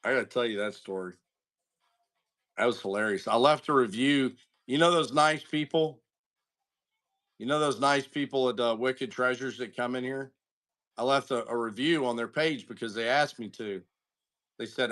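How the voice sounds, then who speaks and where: A man's voice: medium pitch, normal speed, long pauses, fairly bright tone. Chatty man hosting a card break stream. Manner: chatty, greets viewers, tells stories with asides. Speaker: card break livestream host. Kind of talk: casual livestream chat.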